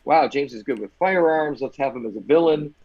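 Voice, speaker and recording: A man's voice: mid-range voice, brisk, muffled recording. A man from the Midwestern United States, a fight choreographer guest, telling anecdotes in an interview and acting out the voices of people in his stories. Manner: lively anecdotes with animated quoted voices. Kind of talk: storytelling interview chat.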